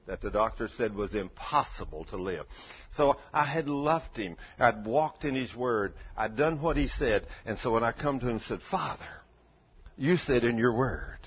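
An older man preaching a sermon in a folksy storytelling way that swells into loud fervor, in a dull lo-fi recording. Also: mid-range voice, animated, normal speed, a little hiss or hum.

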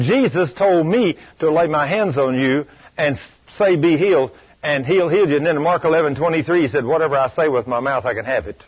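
A man preaching a sermon, telling a story in a folksy, emphatic way that swings between loud bursts and low asides. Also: breathy edge. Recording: dull lo-fi radio recording.

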